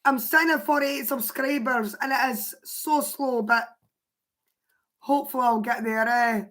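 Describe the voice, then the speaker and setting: A Scottish woman with a hoarse, worn voice, chatting casually on a livestream and answering her viewers' comments aloud. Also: high-pitched, measured pace, a bit bright. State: hoarse, voice mostly gone.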